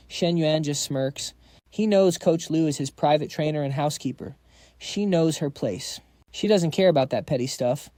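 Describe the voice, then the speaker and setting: Mellow slightly high male narrator. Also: no room sound, clean studio sound. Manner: slangy, brisk storytelling. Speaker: recap narrator. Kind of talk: casual recap narration.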